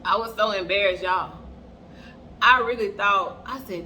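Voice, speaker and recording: Young woman spilling a storytime, bright voice, keeps saying y'all, earbud mic, light hiss. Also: mid-range voice, measured pace. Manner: animated, keeps addressing the audience as "y'all". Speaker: vlogger. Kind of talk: casual storytime chat while doing makeup.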